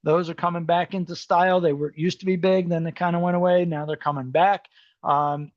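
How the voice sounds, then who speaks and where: A man with a fairly high voice runs a seminar in an easygoing, conversational way, full of ums and "okay?" check-ins. His voice sounds a little worn. The sound is dry and close but muffled and dull. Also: no echo. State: voice starting to go. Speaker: mortgage specialist presenting a seminar. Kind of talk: explaining to an audience, informal presentation.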